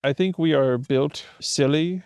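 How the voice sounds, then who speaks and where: A man's voice: fairly high pitch, unhurried, darkish tone, clear, resonant tone, no room sound. A man hosting a casual chat, swearing freely, joking, and acting out what other people say. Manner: profane, jokey, acts out quoted voices. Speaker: host.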